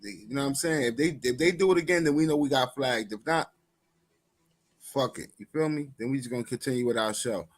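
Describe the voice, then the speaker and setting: A man hosting a live stream show, talking in loud, joking, profane banter full of slang. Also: medium pitch, a little fast.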